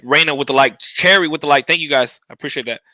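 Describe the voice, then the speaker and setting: A man who is a game streamer, guesting on a podcast, talking things through in a reflective, casual way with plenty of swearing and shout-outs to stream followers. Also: a little high, fast talker, no room sound, poor audio. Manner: reflective, heavy swearing, talks while thanking stream followers.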